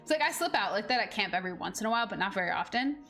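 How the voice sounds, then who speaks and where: A woman's voice: mid-range voice, lively intonation, racing, sharp tone, faint music behind. A young woman streaming a game and telling a rambling story in casual chat, full of "like" fillers. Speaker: gaming streamer. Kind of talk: casual chat over gameplay.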